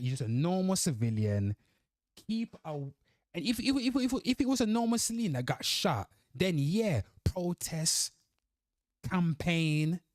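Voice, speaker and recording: Man, reaction host, animated pitch, blunt and swearing, dry close sound. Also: no echo. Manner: blunt, profane, lively, reads his own comments aloud. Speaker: commentary host. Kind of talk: casual reaction commentary.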